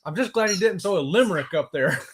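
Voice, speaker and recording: A man's voice: high voice, lively intonation, quick pace, slight background noise. A man co-hosting a live morning cruise show, chatting casually, joking and laughing easily. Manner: jokey, laughing, easygoing. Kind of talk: casual live-stream chat.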